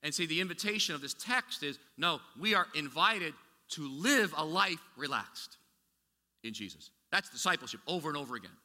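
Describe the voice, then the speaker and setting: A man's voice: fairly high pitch, expressive, moderate pace, pushed and bright. A man preaching a sermon as pastor, talking in a conversational way with many restarts and asides. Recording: echoey hall with long reverb.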